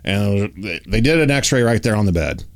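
Man, casual storytelling, animated delivery, acts out dialogue, lots of fillers. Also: on the low side, fast talker. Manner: uses many fillers like "like" and "you know".

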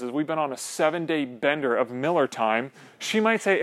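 A man preaching a sermon in an animated, joking way, asking his listeners questions. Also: on the high side, moderate pace, hardly any pauses. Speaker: pastor.

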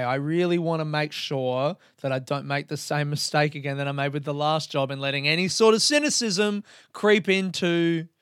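A man's voice: on the high side, fairly bright tone, clean tone, no echo, studio quality. A man of thirty, hosting a solo podcast in a rambling, self-mocking way and swearing often. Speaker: podcast host.

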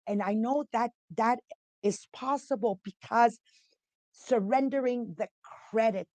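A woman's voice: a little high, darkish tone, no room sound. Emphatic Montreal woman with Italian-French accent. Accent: Montreal English with Italian and French traces. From Montreal, Quebec. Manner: emphatic and chatty, asks the audience questions. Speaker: podcast host and entrepreneur. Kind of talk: casual motivational podcast talk.

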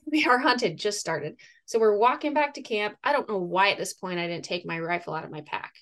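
Animated woman telling a hunting story. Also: medium pitch, brisk. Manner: animated, laughing, lively retelling with acted-out quotes. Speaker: podcast guest, fitness coach and moose hunter. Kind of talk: casual storytelling.

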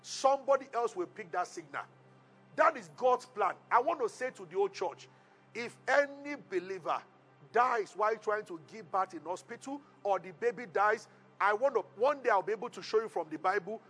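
Male preacher, storytelling sermon, high and bright, soft music bed. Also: breathy edge. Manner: storytelling preacher, animated retelling with call-and-response. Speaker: pastor.

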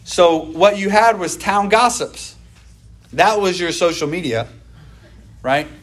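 A man preaching a sermon, who talks in an animated way and acts out gossiping voices. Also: high-pitched, slow pace. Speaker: pastor.

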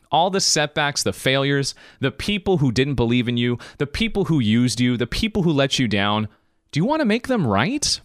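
A man hosting a podcast stream, talking in a lively, preachy way about life. His pitch jumps around. He speaks straight to his viewers in a dry room. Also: no room sound. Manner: animated, preachy, talks to viewers directly. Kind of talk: casual motivational talk.

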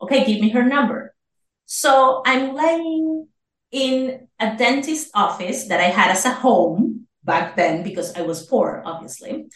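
A woman's voice: a little high, fairly bright tone. Venezuelan woman telling a story, roomy sound. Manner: acts out quoted voices, fast bursts. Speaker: guest. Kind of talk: animated storytelling. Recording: roomy, distant from the mic.

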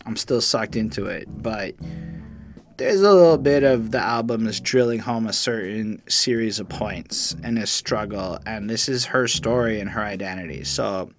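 A man's voice: lowish voice, moderate pace, soft background music. A man co-hosting an album review, casual and blunt, swearing freely. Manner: blunt, profane, animated.

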